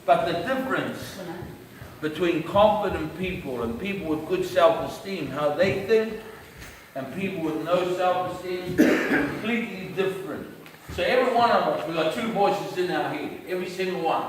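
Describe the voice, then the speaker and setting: A joking man talks from a stage and teases the crowd. His voice sits high and sounds distant, with a big echo and audience noise around it. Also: animated, normal speed. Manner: joking, teasing the crowd, slangy. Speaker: comedic speaker. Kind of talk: stand-up-style talk to audience. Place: stage in a large hall. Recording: echoey hall from far off, audience noise.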